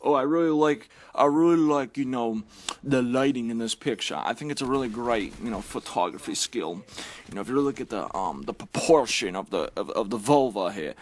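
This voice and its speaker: A man's voice: mid-range voice, expressive, normal speed, lightly acted. Man mocking a pompous commenter. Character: pretentious male commenter praising photography.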